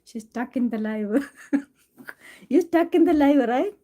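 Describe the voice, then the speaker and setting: A woman's voice: high-pitched, expressive, slow pace, mellow. A woman chatting casually on a live stream, doting on her cat and laughing often. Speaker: cooking channel host.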